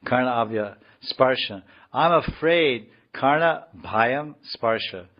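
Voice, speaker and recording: A man's voice: medium pitch, animated, moderate pace, voice pushed up, lightly acted. A man voicing a panicky male renunciate who is afraid of hearing about women, speaking in a jittery way in a dull, lo-fi recording.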